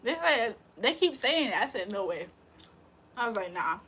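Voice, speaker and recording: A woman's voice: a little high, very animated, normal speed, pushed and bright, slight background noise. A woman livestreamer in casual chat, teasing and laughing as she answers viewer comments. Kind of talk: casual live-stream chat.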